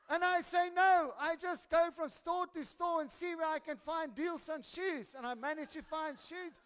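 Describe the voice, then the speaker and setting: A man telling a lively testimony as a preacher in a church sermon, building to excited shouts. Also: very high-pitched, normal speed, few pauses. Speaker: pastor.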